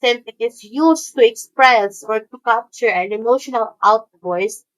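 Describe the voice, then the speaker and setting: A woman with a Filipino accent gives a recorded grammar lecture in a fairly high voice. She explains things step by step and often pauses with ums and restarts. The sound is dry and close. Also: fairly bright tone, no echo, poor audio. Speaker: teacher.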